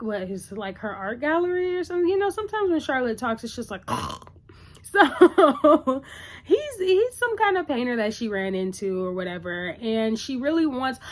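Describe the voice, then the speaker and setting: Chatty woman with a lively voice. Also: fairly high pitch. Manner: chatty and opinionated, with lots of "like" and "you know". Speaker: TV episode recap vlogger. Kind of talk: casual episode recap.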